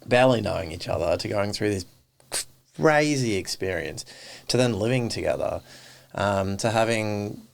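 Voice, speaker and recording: Man, podcast guest; deep with a gravelly fry; casual, animated storytelling. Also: normal speed. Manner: animated storyteller who acts out quoted dialogue. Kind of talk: casual interview chat.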